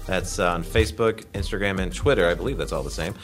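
A man co-hosting a casual podcast, talking in a relaxed, rambling way with lots of fillers and restarts. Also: sits low, quick pace, faint music behind. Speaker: podcast co-host. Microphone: headphones and table mic.

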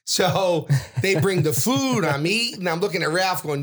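A middle-aged man, telling a story as a podcast guest and acting out every character in loud, brash voices. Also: on the high side, lively intonation, moderate pace, few pauses. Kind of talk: animated storytelling.

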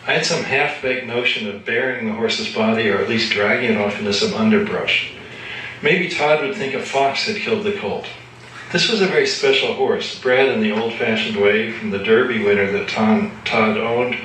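A man's voice: lowish voice, normal speed, a bit bright, recorded from a distance, slight background noise. Man reading aloud in an echoey room. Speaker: author reading his own fiction. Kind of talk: live reading of a novel. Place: live reading at an evening gathering.

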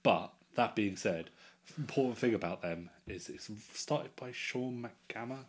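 A man co-hosting a casual political podcast, dry and mocking in a deadpan way. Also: fairly low pitch, a little slow. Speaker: podcast co-host.

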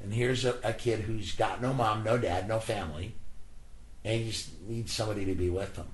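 A man who works in hospice, telling earnest, animated stories as an interview guest and acting out the voices he quotes. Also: on the low side, normal speed, a little hiss or hum. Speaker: hospice worker and spiritual guide, interview guest. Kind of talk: conversational storytelling. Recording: echoey room with faint ambience.

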